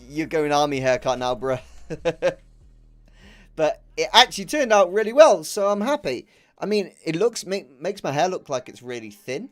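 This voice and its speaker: A young man chatting casually on a game stream, laughing often and swearing freely. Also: medium pitch. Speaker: live-streaming gamer.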